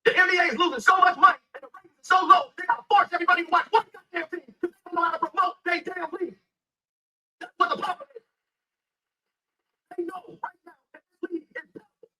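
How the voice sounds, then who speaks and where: A man's voice: very high-pitched, fast talker, pushed and bright, poor audio. A man, ranting angrily and profanely about basketball. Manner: heated, profane, emphatic. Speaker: sports commentator. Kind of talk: angry rant.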